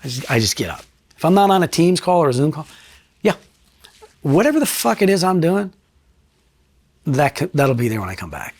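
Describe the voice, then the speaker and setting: A middle-aged man and retired state trooper, telling his story bluntly in a sit-down interview, swearing freely and pausing to reflect. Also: a little high, sing-song, a little mellow, dry recording. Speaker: retired state trooper and crime scene investigator.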